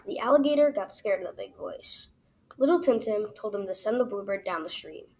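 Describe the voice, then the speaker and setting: A woman reading her own children's story aloud as the storyteller, in an expressive, animated way. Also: medium pitch, brisk, creaky, a little hiss or hum, low-quality recording.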